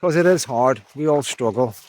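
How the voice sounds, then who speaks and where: A man's voice: mid-range voice, animated, moderate pace, darkish tone. Sex: man. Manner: rambling, frank, sad. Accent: strong regional. Style: casual vlog. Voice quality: strong regional accent that he says captions garble. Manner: rambling, frank, swears, repeats "you know". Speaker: vlogger. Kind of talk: casual monologue to viewers. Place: outdoors on an evening walk.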